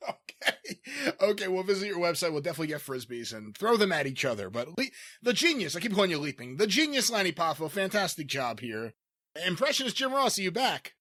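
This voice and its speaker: A man's voice: sits high, big pitch swings, fairly bright tone. A man hosting a comedy podcast, giggly and playful in casual chat. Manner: giggly, quick to laugh, playful. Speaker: podcast host.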